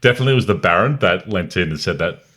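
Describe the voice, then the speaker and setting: A man's voice: low-pitched, animated, rapid-fire, noisy background. A man co-hosting a casual film review podcast, easygoing with dry teasing. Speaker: podcast co-host.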